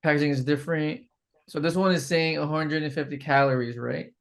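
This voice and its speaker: A man's voice: a little high, fairly even intonation, fairly quick, vocal fry. A man mentoring a group over a video call, thinking aloud as he reads product labels.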